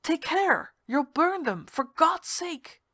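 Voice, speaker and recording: A woman voicing a frightened young lighthouse keeper who yells his replies in panic. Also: very high-pitched, expressive, slow pace, dry recording, voice pushed up, full character voice. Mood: panicked. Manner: shouting in panic. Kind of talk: storybook reading.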